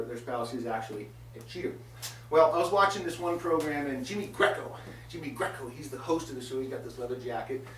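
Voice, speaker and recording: A man hosting a comedy show, telling a meandering story full of filler pauses and sarcastic asides. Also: a little high, a little hiss or hum. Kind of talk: rambling comic monologue. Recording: echoey room, voice from a distance.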